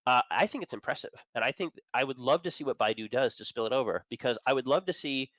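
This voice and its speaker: Appearing as a talk-show guest, this managing editor of an entertainment and tech site chats casually, full of enthusiasm and opinions, with chuckles between his points. His medium-pitched voice is a little bright and quick, with no room sound and a dull quality to the audio.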